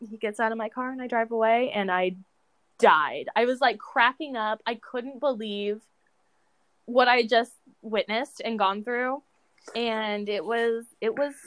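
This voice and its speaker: A woman co-hosting a podcast, casually telling a dating story in an animated way, swearing and laughing as she goes. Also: on the high side, no echo. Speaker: podcast co-host.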